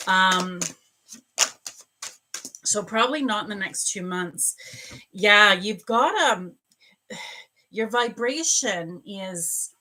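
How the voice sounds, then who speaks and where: A woman's voice: medium pitch, lively intonation, very slow, long pauses, sharp tone, rough recording. A woman hosting a live stream as a psychic reader, chatting and greeting viewers by name between angel card readings.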